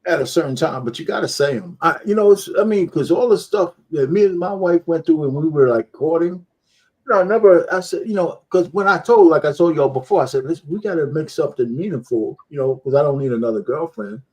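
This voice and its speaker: A relaxed man on a talk panel, telling a personal story in an easy, anecdotal way. His voice is warm and mellow, sitting slightly high. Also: fast. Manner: relaxed, anecdotal, quotes himself. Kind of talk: casual storytelling.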